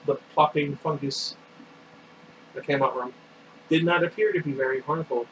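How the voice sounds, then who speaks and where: A man's voice: mid-range voice, fairly even intonation, normal speed. A man casually reading a novel aloud, adding asides and correcting his own slips. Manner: reads with asides and self-corrections. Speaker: reader of a novel. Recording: distant mic with air conditioner hum.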